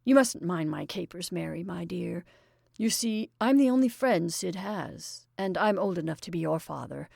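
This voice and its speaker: A woman's voice: fairly low pitch, lively intonation, moderate pace, gravelly, darkish tone, dry recording, clean studio sound, heavily acted. A woman voicing a jolly middle-aged male stage actor who talks in an exuberant, rambling, confiding way.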